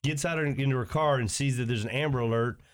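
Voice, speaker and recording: A man's voice: medium pitch, quick pace, clear, resonant tone. A man, a podcast co-host, in casual chat, starting and restarting his sentences.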